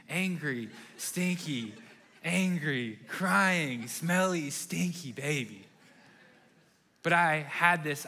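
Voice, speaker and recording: Young man, pastor, sermon, bright ringing tone, slightly high pitch, animated storytelling. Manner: animated storytelling, acts out his own quoted thoughts.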